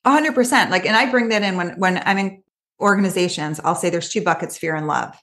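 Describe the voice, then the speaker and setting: A woman coach, a guest on an interview podcast, telling stories in a quick, animated way with lots of asides. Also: fairly low pitch. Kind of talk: casual interview chat.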